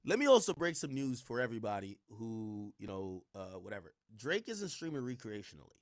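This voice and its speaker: A man's voice: fairly low pitch, sing-song, fairly quick, no echo, studio quality. A man streaming casual reaction commentary, rambling and slangy with frequent restarts.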